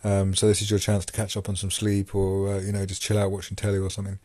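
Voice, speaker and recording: Man, very low voice, mellow tone, dry close sound, rambling casual talk. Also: completely flat delivery, quick pace, dry recording. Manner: rambling, many fillers and restarts. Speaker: podcast host and former prisoner. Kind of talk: casual monologue.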